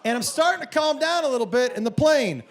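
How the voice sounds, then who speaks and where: A stand-up comedian, a man with a high voice whose pitch leaps all over as he spins a story on stage. He is animated and profane, acts out the other people in his tale, and breaks into sudden shouts into a handheld mic. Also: quick pace, a faint crowd. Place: comedy stage before a live audience.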